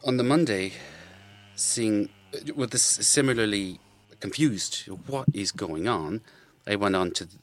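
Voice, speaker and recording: Very deep-voiced man. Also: measured pace. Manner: plain-spoken, matter-of-fact with restarts. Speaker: interviewee, local walker. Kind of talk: recounting in an interview.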